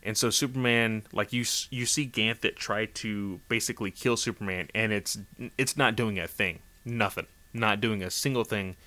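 A man casually recapping a story in a rambling, animated way, full of fillers. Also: fairly low pitch, moderate pace, hardly any pauses. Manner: rambling, animated, lots of "like" and "you know". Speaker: comic book recap host.

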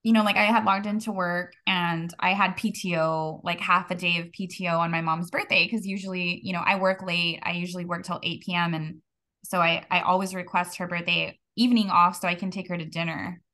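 Chatty young woman, quick laughs. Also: on the low side, little pitch movement, pushed and bright. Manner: chatty, laughs often, many "like"s. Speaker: podcast guest. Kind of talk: casual conversation about grief.

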